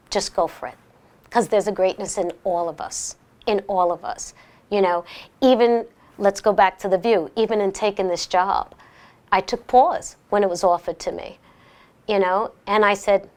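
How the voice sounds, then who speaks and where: Animated middle-aged New woman. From Brooklyn, New York. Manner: animated, repeats phrases, jumps high when quoting others. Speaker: interview guest. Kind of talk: casual interview chat.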